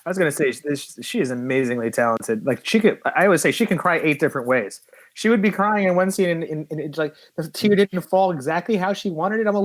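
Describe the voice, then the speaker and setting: An animated man with a fairly high voice tells behind-the-scenes stories in a relaxed interview. He acts out the quoted lines and laughs along, and the sound is dry and close. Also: quick pace, no echo. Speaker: film producer. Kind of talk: casual interview chat.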